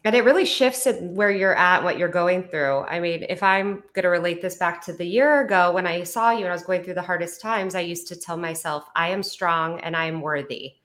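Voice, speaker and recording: A woman's voice: fairly low pitch, a little fast, few pauses, fairly bright tone. A woman hosting an interview, chatting casually and effusively about her own experience. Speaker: podcast host.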